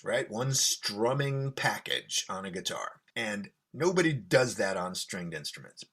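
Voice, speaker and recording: Bright-voiced man explaining music enthusiastically. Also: medium pitch, husky. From United States. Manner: enthusiastic, sings rhythms aloud while teaching. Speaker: violinist and guest. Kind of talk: casual explanatory talk with demonstrations. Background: violin playing.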